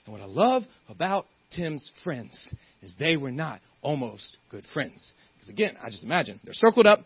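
A man preaching a sermon as a guest speaker. He is animated, acts out the figures in his story and gets loud and fired up at the high points. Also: normal speed, breathy edge, no echo, highs cut off.

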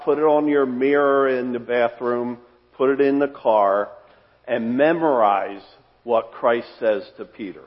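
A man preaching a sermon as pastor, earnest and repeating phrases for emphasis, his voice trailing off softly at the ends of phrases. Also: mid-range voice, a little slow. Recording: dull sound with long hall reverb.

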